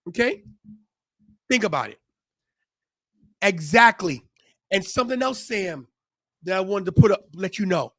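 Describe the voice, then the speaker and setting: A brash man hosting a live watch-along stream, ranting and rambling with frequent restarts. His voice sits high for a man. The sound is dry and close, with no room in it. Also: a bit bright, dry recording. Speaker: wrestling podcast host.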